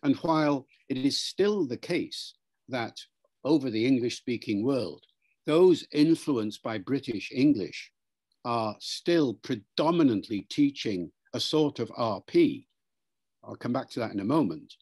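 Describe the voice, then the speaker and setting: A man's voice: mid-range voice, animated, unhurried, darkish tone, husky. A man, a linguistics professor, explaining pronunciation in an interview in a lecturing way and demonstrating sounds aloud.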